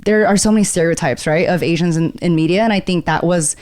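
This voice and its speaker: A woman actor, a guest on a casual podcast, telling stories in an animated way and acting out quoted dialogue. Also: lowish voice, quick pace, slight background noise. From United States.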